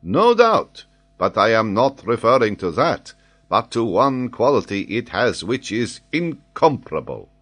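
A man voicing an excitable, impetuous French scholar in an audiobook, speaking vehemently and emphatically. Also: mid-range voice, measured pace. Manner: vehement, emphatic, eager to astonish.

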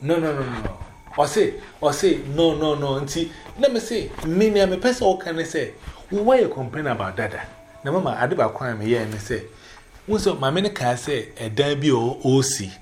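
A man's voice: a little high, moderate pace, a little hiss or hum. A man with a Ghanaian accent, casually telling a long personal story and switching between English and Twi, voicing others in raised tones. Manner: animated, quotes others in raised voices. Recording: roomy echo.

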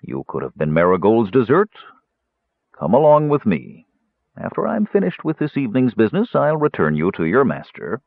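A man voicing a stern, measured male mage who speaks coolly and with authority, on a tinny, dry recording. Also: medium pitch, huge pitch swings, no echo, voice pushed up. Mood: scolding. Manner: cool, deliberate, authoritative.

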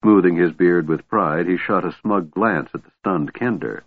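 A man narrating a fantasy audiobook in a steady, measured storytelling manner. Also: sits low, dry recording. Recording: tinny phone-like dry sound.

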